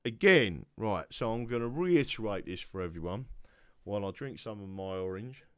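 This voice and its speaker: A man hosting a livestream from home, talking in a loose, rambling way and sliding into quiet muttering now and then. His voice is low and smooth, and he sounds worn out. The sound is close and dry, with no room echo. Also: animated, normal speed. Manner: rambling, chatty, trails off into muttering. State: tired. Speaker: livestream host. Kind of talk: casual livestream monologue.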